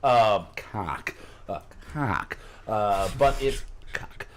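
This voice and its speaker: A man's voice: lowish voice, animated, extremely slow, a little hiss or hum. A man hosting a casual chat, explaining terms in a rambling way, often laughing. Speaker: podcast host.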